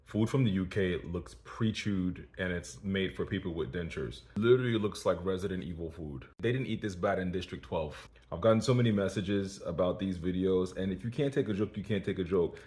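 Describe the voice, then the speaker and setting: A man fires off dry, sarcastic quips. His voice is very low. The delivery is flat and cutting. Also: a little fast, few pauses. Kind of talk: comic commentary.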